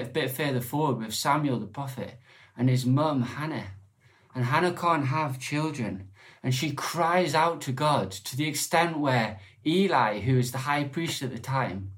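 A man's voice: medium pitch, a little slow. A man preaching a sermon in church, earnest and conversational, with occasional restarts. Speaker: lay preacher.

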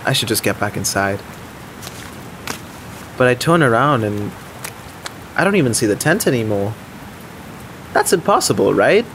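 A man's voice: medium pitch, lively intonation, moderate pace, long pauses, fairly bright tone, a little hiss or hum. A young man narrating an audio drama in the first person, anxious and self-deprecating, with faint music underneath. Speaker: narrator and lead character.

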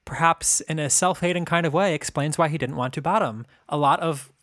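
A man in casual podcast chat with a slightly high voice. He tells stories wryly and offhandedly, and the sound is dry and close. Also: fairly quick, fairly bright tone, no room sound. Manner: wry, storytelling. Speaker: podcast co-host.

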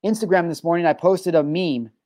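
A man's voice: on the high side, brisk, dark tone, dry recording. A man hosting his own podcast, ranting in a heated, profane way and hammering his points through repetition. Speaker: podcast host.

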